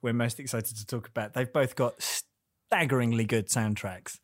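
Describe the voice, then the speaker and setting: A man's voice: medium pitch, steady tone, normal speed, no room sound, clean studio sound. A man hosting a casual film discussion, chatty and playful, prone to tangents.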